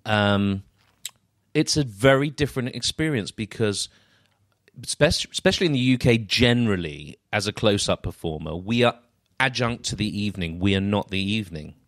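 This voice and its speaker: A man's voice: lowish voice, normal speed, fairly bright tone, no room sound, studio quality. A man hosting a podcast, a fellow magician who talks reflectively and often restarts his sentences. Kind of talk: casual podcast conversation.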